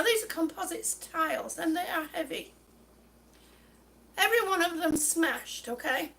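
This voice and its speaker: A woman with a very high, bright voice vents to her viewers in a slow, drawn-out way. She is short of breath and keeps stumbling and repeating herself, plainly exasperated by the story she is telling. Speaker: vlogger. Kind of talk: ranting story to camera.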